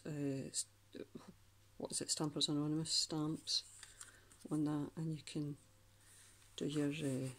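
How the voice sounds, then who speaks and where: A Scottish woman with a low voice talks casually through a handmade journal, page by page. She rambles a little and often stops mid-sentence to hunt for the right word. It is a relaxed craft flip-through, as if she is chatting to the viewer. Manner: chatty, rambling, searching for words.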